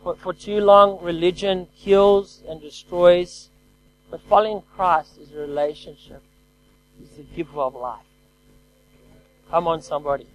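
A man preaching a lively sermon who calls out to his congregation and swings between loud exclamations and quiet, hushed lines. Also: high-pitched, measured pace, pauses often, slight background noise, rough recording. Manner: energetic call-and-response preaching.

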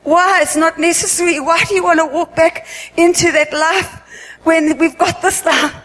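Woman preacher, high voice, earnest pleading sermon, echoey church hall from far off. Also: fairly even intonation, normal speed, a bit bright. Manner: earnest, repetitive, pleading questions. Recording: echoey hall, faint room noise.

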